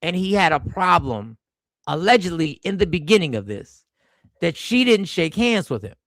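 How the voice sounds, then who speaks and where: A man hosting a casual podcast, his voice pitched fairly high and swinging widely as he tells stories with playful energy. There's a gravelly edge to his tone, and the sound is dry and close. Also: normal speed, no echo. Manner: animated, playful storytelling. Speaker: podcast host. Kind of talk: casual chat.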